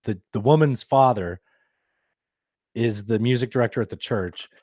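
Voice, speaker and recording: A man's voice: mid-range voice, moderate pace, a little mellow, no echo, studio quality. A man hosting a podcast in casual chat, joking and rambling and often laughing. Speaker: podcast host.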